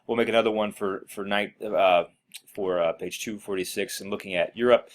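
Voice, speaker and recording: A man's voice: fairly low pitch, fairly even intonation, moderate pace. A man teaching a recorded history lesson while scrolling through notes, talking casually with many fillers and restarts. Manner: casual, filler-heavy, self-correcting. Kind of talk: recorded classroom lecture.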